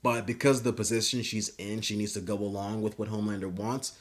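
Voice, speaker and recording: A man's voice: fairly low pitch, level tone, fast talker. Brief: young guy, laid-back profane fan commentary, rambling. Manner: rambling, filler-heavy, profane. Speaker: YouTube commentator. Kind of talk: casual comedic commentary.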